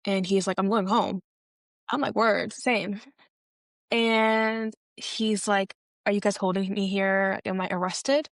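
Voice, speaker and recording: Young woman podcast cohost, chatty storytelling, mid pitch, dry close mic. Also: slow pace, dry recording. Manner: animated, acts out quoted people with pitch jumps. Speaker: podcast co-host. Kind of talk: casual storytelling chat.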